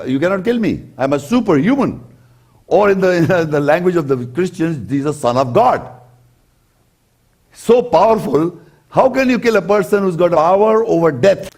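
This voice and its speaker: A man preaching, giving a religious lecture that explains scripture deliberately and emphatically, repeating his key points. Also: high voice, darkish tone. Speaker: Islamic preacher.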